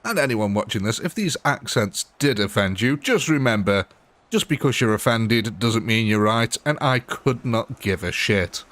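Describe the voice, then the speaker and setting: A man's voice: fairly low pitch, lively intonation, moderate pace, fairly bright tone, no echo. A man hosting a live gaming stream, blunt and joking, laughing often. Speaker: gaming livestream host. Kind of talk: casual live commentary.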